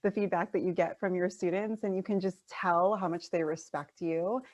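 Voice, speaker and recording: A woman hosts a casual interview, encouraging her guest and affirming what she hears. Her voice sits a little low. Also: fairly even intonation, normal speed, dry recording. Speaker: interview host, coach.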